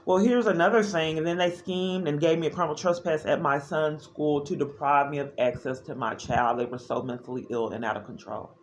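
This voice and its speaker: A woman's voice: low voice, fairly even intonation, brisk, few pauses, a little hiss or hum. A woman recording a personal video diary, speaking earnestly and with agitation, often restarting her sentences.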